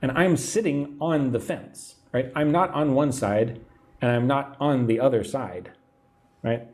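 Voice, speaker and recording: A man's voice: mid-range voice, darkish tone. American man teaching English idioms. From Texas, USA. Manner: patient explaining, reads viewer comments aloud, tag "right?" often. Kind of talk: live-stream English lesson.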